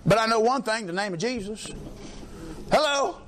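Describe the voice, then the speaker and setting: A middle-aged man delivering a sermon with a notably high voice. He preaches emphatically, tossing out rhetorical questions and calls for response. Faint ambient noise sits under the voice. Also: quick pace, fairly bright tone.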